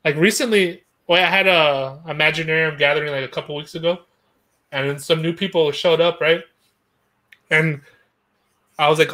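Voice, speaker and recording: A man's voice: a little high, normal speed, pushed and bright. A man chatting casually, rambling with frequent laughs and casual swearing. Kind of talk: casual chat.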